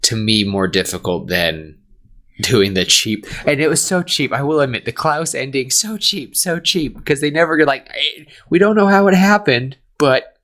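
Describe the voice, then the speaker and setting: A man co-hosting a podcast in casual comedic chat, animated and rambling. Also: medium pitch, normal speed. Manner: animated, rambling, laughs often. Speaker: podcast co-host.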